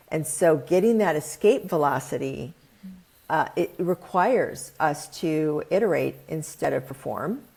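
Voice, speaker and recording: Low-pitched woman guest expert, quick animated explainer. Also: creaky. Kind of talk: podcast interview.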